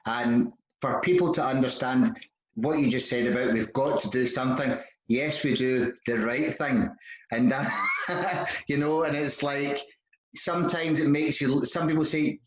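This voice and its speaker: A man speaking as a guest in a casual conversation, explaining things in a thoughtful, measured way. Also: medium pitch, steady tone. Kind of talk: casual chat. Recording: echoey, dull remote audio.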